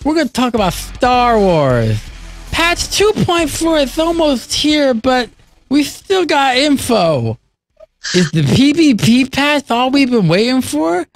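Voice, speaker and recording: A man's voice: extremely high pitch, big pitch swings, soft background music, voice pushed up, full character voice. A man hosting in an awkward put-on voice with a heavy lisp, tongue pushed out past his teeth, as a comic bit. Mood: awkward goofy. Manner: awkward, deliberately stilted delivery. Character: goofy awkward male host with a lisp. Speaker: host.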